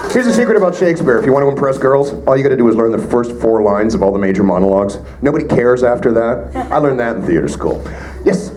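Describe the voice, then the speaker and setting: A Canadian man fields fan questions on a convention stage, full of wisecracks and quick asides. His voice swings widely up and down as he jokes. Audience chatter and crowd noise fill the live room behind him. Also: medium pitch, low-quality recording. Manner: joking, animated, quick asides. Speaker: voice actor answering fan questions. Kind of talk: convention panel Q&A.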